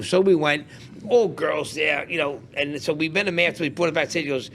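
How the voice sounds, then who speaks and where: Co-host, male, slightly high voice, chummy anecdote teller, faint background noise. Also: brisk, a bit bright. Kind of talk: casual podcast chat.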